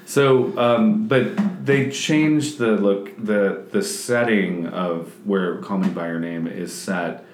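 Co-host, male, lowish voice, eager film fan talk, echoey room. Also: takes it slowly, few pauses, slight background noise. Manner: enthusiastic, hesitant with fillers and restarts. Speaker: podcast co-host. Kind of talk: casual chat.

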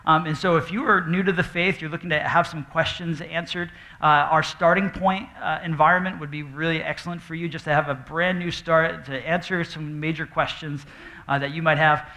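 A man leading a church service, his voice fairly high and bright with a forceful edge. He talks casually, stumbling through restarts and fillers and cracking small jokes. He sounds nervous as he runs a live Q&A. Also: steady tone. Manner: halting, full of fillers and restarts, joking. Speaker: pastor. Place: church auditorium with audience.

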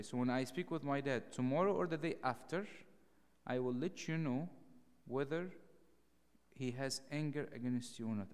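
A clergyman teaching a Bible study in a lively, animated way, raising his voice to act out the dialogue. His voice sits at an ordinary male pitch. It rings with the long reverb of a large hall. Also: clear, resonant tone. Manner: animated, acts out dialogue in raised voice.

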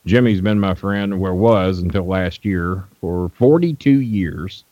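A man's voice: sits low, measured pace, dark tone, no echo. An older man telling long, blunt stories as a guest on a radio show, with lots of fillers and restarts. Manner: rambling, blunt storyteller with frequent fillers. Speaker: guest wrestling manager. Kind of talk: storytelling in a radio interview. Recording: dull, dry lo-fi radio audio.

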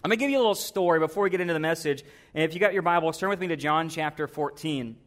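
A man's voice: on the high side, rapid-fire. A man preaching a conversational sermon, telling the story and asking the congregation for responses.

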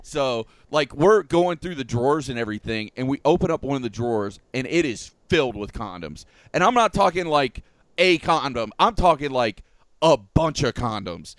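A man chatting casually on a podcast, telling animated stories and swearing freely. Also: mid-range voice, moderate pace, dry recording. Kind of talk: casual chat.

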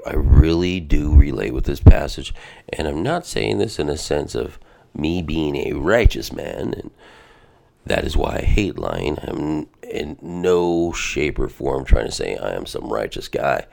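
A man's voice: a bass voice, gravelly, darkish tone. A man hosting a devotional podcast as a pastor, talking casually and energetically, often saying "man" and "bro".

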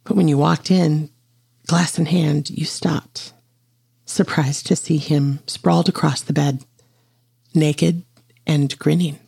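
A storyteller reading an intimate audio story aloud in a slow, steady way. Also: mid-range voice, vocal fry, breathy edge, no echo. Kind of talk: scripted narration of an audio story.

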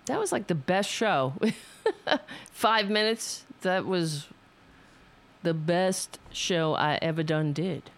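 Woman streamer, gravelly voice, swings widely in pitch, swears freely and talks to herself. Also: animated, slow pace. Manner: profane, self-scolding, rambling. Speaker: livestream host. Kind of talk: casual livestream chat.

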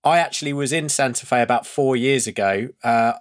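A man's voice: medium pitch, a little fast. Man, playful co-host, jokey anecdote teller. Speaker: podcast co-host. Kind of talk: casual podcast chat.

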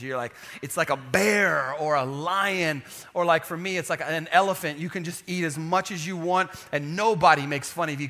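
A male pastor preaching with lively, joking energy, the voice pitched high and bright. He calls for responses from the room and now and then sinks to a near-hush for emphasis. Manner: animated, call-and-response preaching with humor. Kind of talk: sermon.

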